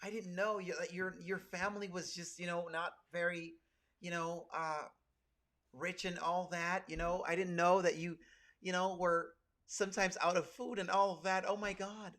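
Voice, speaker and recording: Man putting on a gushing, breathy white lady. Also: high-pitched, little pitch movement, normal speed, fairly bright tone. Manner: breathy, gushing, fillers like "oh my God". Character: gushing condescending white woman, young adult.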